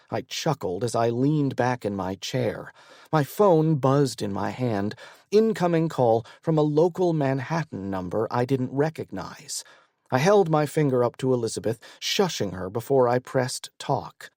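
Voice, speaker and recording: A man reads a first-person romance audiobook in a measured, intimate way, at a slow, unhurried pace. His voice sits at a middle pitch and is recorded close and dry, with no room sound. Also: lively intonation, darkish tone, no echo. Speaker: audiobook narrator.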